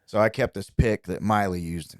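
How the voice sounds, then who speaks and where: Low-voiced man telling stories casually. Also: moderate pace, dry recording, studio quality. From Indiana, US. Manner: relaxed, chatty, lively when quoting people. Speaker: country singer, guest. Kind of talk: casual storytelling.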